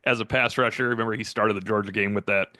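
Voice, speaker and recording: A man's voice: lowish voice, fairly even intonation, fast, bright, forceful tone, no echo, clean studio sound. A man, a sports analyst, breaking down game film in casual, rambling talk.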